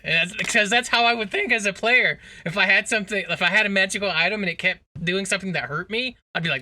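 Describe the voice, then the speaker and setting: A man's voice: high voice, fast, hardly any pauses. A man co-hosting a podcast in casual chat, swearing freely and laughing as he recounts scenes. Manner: profane, laughing, animated storytelling. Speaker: podcast co-host.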